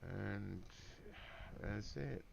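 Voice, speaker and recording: A man's voice: lowish voice, drawn-out words, vocal fry, highs cut off, noisy background. A man streaming a game, telling a meandering story in laid-back, swearing casual chat full of fillers. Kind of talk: rambling casual chat while gaming.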